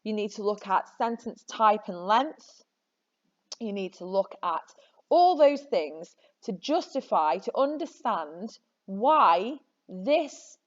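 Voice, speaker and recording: A woman teacher walks students through an exam paper in a relaxed, chatty voice of middling pitch. She encourages them and trips over her words now and then, laughing it off. The recording sounds a little dull and lo-fi. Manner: chatty, self-correcting, encouraging. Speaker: English teacher. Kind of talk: recorded classroom lesson. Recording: slightly dull lo-fi audio.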